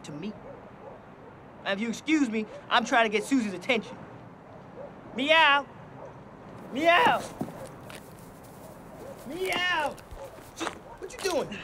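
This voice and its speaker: A man's voice: very high voice, expressive, takes it slowly, pauses often, noisy background, heavily acted. A man playing a cocky, taunting male house cat who meows to win back his owner and threatens a rival in an indie comedy short. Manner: cocky, taunting, mock meowing.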